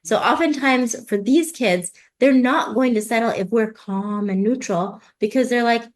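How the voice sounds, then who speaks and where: A woman parenting coach explaining advice in conversation, lively, often acting out what parents and kids say. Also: a little high, a little slow. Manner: animated, acts out parent and child voices.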